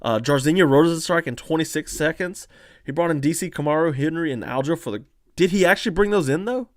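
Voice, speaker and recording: Excitable man breaking down a fight. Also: on the high side, fast, dry recording, clean studio sound. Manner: animated, excitable, frequent fillers and restarts. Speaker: podcast host analyzing fights. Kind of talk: casual live-stream commentary, reading chat.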